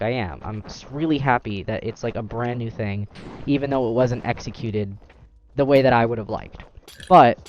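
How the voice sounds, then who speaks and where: A young man hosts a casual gaming chat, rambling loosely and throwing in lively acted-out quotes. His voice comes through slightly muffled, with game music playing faintly underneath. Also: mid-range voice. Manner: animated, rambling, acts out quotes. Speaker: gaming channel host.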